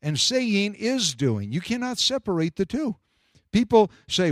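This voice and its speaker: A man preaching a sermon, animated and jokey, acting out imagined speakers. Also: sits high, slow pace, dry recording, studio quality.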